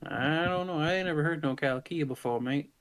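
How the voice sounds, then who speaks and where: A man doing a gruff, slangy fishman thug. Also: on the high side, a little fast, fairly bright tone, lightly acted. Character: crude male fishman thug, street tough.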